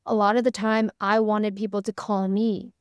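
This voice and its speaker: A woman's voice: medium pitch, little pitch movement, normal speed, smooth, no room sound, clean studio sound. A young woman hosting an online workshop for creators, talking in a candid, chatty way with lots of "like" fillers. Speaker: workshop host. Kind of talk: casual workshop talk.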